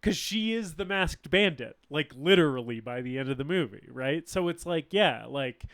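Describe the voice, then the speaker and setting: A man co-hosting a podcast in casual chat, excitable and laughing often. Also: fairly high pitch, normal speed. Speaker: podcast co-host.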